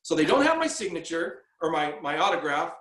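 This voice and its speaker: Echoey, higher-pitched man telling a rambling story. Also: sing-song, a little fast, fairly bright tone. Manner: rambling, repeats words, acts out quoted exchanges. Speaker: guest telling his story. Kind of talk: casual storytelling.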